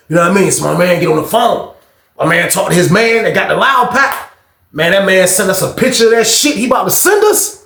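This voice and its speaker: Brief: a man spinning a casual story, lively and slangy, slightly high voice. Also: fast talker, vocal fry, reverberant. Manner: animated, slangy, swings into loud acted-out quotes.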